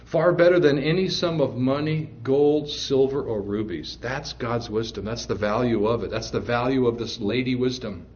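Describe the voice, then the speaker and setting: Man preaching, earnest and emphatic, medium pitch, slightly dull recording. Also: moderate pace, hardly any pauses, a little mellow. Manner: earnest, emphatic, with fillers and restarts. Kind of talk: sermon.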